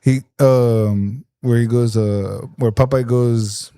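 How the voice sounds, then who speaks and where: A man's voice: mid-range voice, steady tone, takes it slowly, mellow, clear, resonant tone, no echo, studio quality. A man from Texas chatting as a podcast guest, laid-back and rambling, laughing often as he tells stories. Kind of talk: casual chat.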